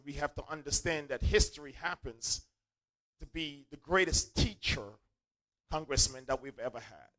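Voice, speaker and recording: A man's voice: on the high side, bright, forceful tone, low-quality recording. Man preaching a call-and-response sermon. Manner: call-and-response preaching, repeating lines for emphasis. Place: church.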